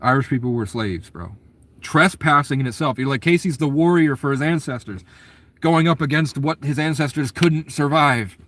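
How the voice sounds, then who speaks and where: A man's voice: fairly high pitch, moderate pace, fairly bright tone. Man ranting in a rambling monologue. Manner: profane, conspiratorial rant, jumps between ideas. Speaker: documentary subject.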